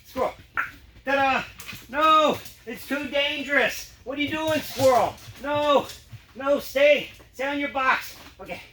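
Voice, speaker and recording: Brief: male performer, very high voice, playful, talks to his dogs, echoey and far. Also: slow. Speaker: juggler and dog trick performer. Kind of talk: storytelling to an audience during a show. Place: performance space. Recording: echoey room from far off, noisy.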